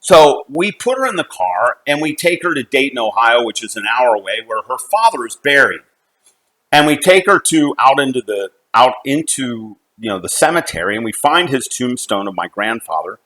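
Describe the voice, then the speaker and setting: A middle-aged man from the United States, a company CEO, telling a personal family story in an earnest, halting way, often restarting his sentences. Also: mid-range voice, very animated, sharp tone, poor audio.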